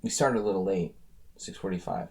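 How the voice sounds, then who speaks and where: A man's voice: deep voice, brisk, gravelly, darkish tone. A man coaching chess on a live stream, casually analyzing viewer games and thinking aloud as he talks to his audience. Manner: thinks aloud, chatty, addresses viewers directly.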